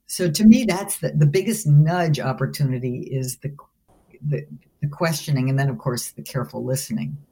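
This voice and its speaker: A woman's voice: deep voice, moderate pace, warm tone, husky. A woman professor of leadership answering interview questions in a thoughtful, explanatory way, often restarting her phrases. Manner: thoughtful and explanatory, with frequent restarts and "you know". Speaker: guest, business school professor of leadership.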